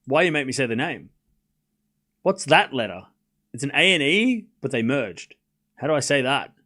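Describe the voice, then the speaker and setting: This livestream host runs a tennis watchalong, reading scores aloud and bantering with viewers in an animated, joking manner. He speaks at a normal speed with a medium-pitched voice, keeping the commentary casual.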